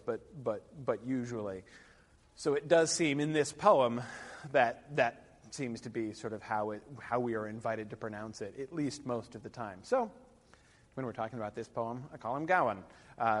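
A man's voice: mid-range voice, normal speed. A man lecturing a class, rambling with many fillers and wry asides. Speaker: literature lecturer. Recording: long reverb of a lecture hall.

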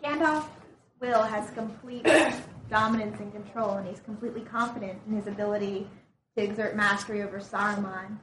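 A woman's voice: mid-range voice, steady tone, brisk, fairly bright tone. A female student speaks up in class discussion, answering with enthusiasm. Her voice carries some echo from the classroom, with a faint hum of room noise.

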